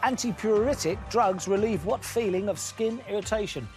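A man hosting a quiz show, brisk, upbeat and teasing. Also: high-pitched, faint music behind.

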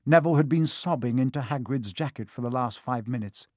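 A man narrating a children's storybook in a steady, expressive reading. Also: medium pitch, brisk, dry recording, clean studio sound. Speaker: audiobook reader.

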